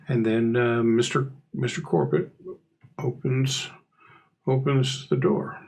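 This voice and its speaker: A man narrating as game master in a relaxed, rambling way. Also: mid-range voice, slow pace, creaky, poor audio. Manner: relaxed, rambling, filler-heavy.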